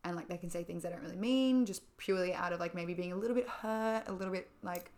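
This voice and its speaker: A woman's voice: lowish voice, fast talker, a little mellow. A young woman chatting as a podcast co-host, telling a story with lots of fillers. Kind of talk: casual chat.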